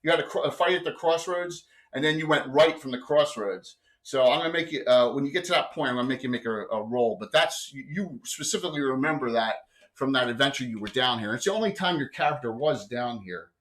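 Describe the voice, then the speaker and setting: A man's voice: medium pitch, expressive, fast talker, a bit bright. A man running a live tabletop game as game master, talking in a rambling way with many fillers and restarts.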